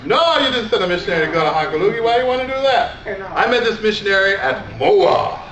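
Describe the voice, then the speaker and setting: A man's voice: high-pitched, expressive, fast, fairly bright tone, slight background noise. A man bantering playfully with a partner in a live youth group comedy skit. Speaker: skit performer. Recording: echoey dull hall recording.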